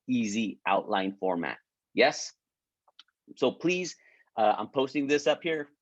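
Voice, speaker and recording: A man's voice: medium pitch, dry recording. A man coaching an online business group in a casual motivational pep talk, full of restarts and repeated "right?", pleading and encouraging. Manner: repetitive, stumbling restarts, keeps asking "right?". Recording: dry, muffled lo-fi audio.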